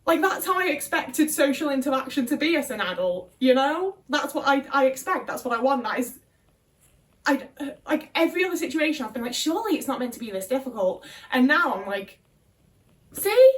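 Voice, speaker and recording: A woman's voice: high voice, lively intonation, brisk, a bit bright. A young woman talking casually to her viewers while she packs, rambling, swearing and anxious, often trailing off and restarting. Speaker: vlogger. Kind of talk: casual body-doubling chat while packing. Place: home room, packing boxes. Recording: distant mic with faint noise.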